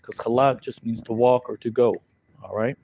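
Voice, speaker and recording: A man's voice: medium pitch, steady tone, normal speed, creaky, noisy background. A man teaching scripture in a loose, conversational way, full of fillers and tag questions. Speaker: Bible teacher. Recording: dull lo-fi recording.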